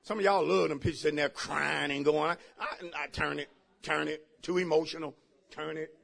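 A man preaching a sermon as pastor to his church, shouting his points, then dropping to quiet asides and laughing along with the congregation. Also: a little high, fairly even intonation, normal speed, gravelly.

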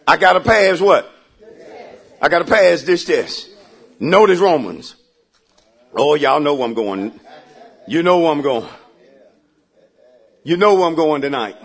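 High-voiced preacher guy, bright and husky, big swings, call-and-response. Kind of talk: sermon. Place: church.

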